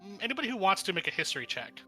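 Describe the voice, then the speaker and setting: Bright-voiced man running a tabletop game. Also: high voice, big pitch swings, rapid-fire, soft background music. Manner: rambling, lots of fillers and restarts. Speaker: game master.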